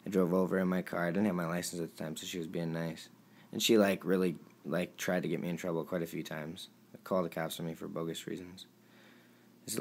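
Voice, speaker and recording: A young man with a very deep voice and a gravelly rasp reads his text messages aloud. He sounds emotional and pleading, and his voice drops low and quiet at times. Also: little pitch movement, fast. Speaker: vlogger. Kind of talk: reading out text messages to camera.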